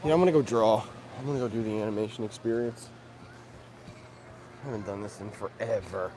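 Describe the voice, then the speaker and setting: A man's voice: fairly low pitch, a little fast. A man hosting a casual livestream as he walks around, easygoing and chatty, greeting viewers by name. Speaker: livestream host. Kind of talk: casual livestream chat while walking. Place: outdoors in a busy theme park. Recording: outdoor crowd noise.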